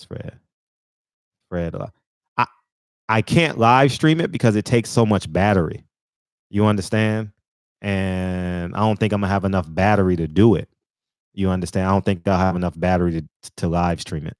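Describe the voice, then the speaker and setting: Brief: low-voiced male stream host, gravelly, loose rambling chat, dry close sound. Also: darkish tone, no echo. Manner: loose, rambling, laughs often. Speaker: live-stream show host. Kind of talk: casual live-stream chat.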